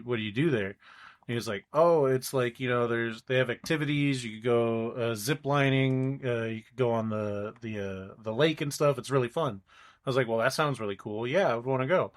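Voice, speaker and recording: A man's voice: medium pitch, fairly bright tone. A young man, a podcast co-host, telling a long story in casual chat, rambling along and acting out the people he quotes.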